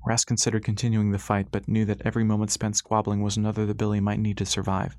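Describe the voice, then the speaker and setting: A man narrating an audiobook chapter in a steady, even reading. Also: lowish voice, fast, hardly any pauses, no echo, studio quality. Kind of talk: scripted narration.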